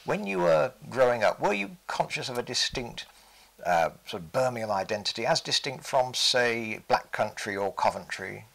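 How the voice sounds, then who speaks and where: A man's voice: mid-range voice, expressive, moderate pace, creaky, a bit bright, low-quality recording. A man interviewing a guest, asking questions and steering the conversation. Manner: asks questions and steers the talk.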